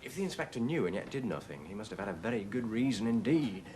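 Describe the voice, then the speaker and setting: Actor playing a guarded wartime escaper. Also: male voice, lowish voice, animated, background noise, lightly acted. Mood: probing. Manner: quick, questioning, politely probing. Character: wartime British escaper, guarded, probing man.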